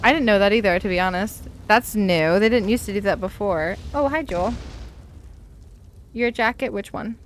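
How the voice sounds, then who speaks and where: A woman's voice: medium pitch, moderate pace, slight background noise. A woman game streamer chatting casually and giggling, breaking off to talk to her pets and family. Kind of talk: casual live-stream chat.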